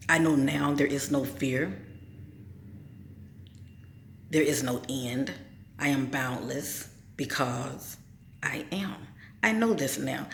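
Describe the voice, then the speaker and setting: Woman host, informal spiritual talk, preachy with rhetorical questions, fry in the voice, echoey room recording. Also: sits low, slight background noise.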